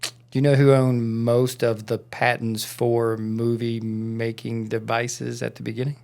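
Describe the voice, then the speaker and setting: A man's voice: medium pitch, flat delivery, a little slow, gravelly, a little mellow. A man co-hosting a podcast, casually telling a rambling story with lots of fillers in a studio. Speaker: podcast co-host. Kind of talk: casual chat.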